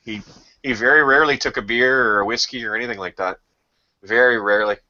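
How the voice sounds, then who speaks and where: A man's voice: medium pitch, fast talker, sharp tone. A man in casual chat, telling profane, laughing stories about his childhood. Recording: dull lo-fi sound.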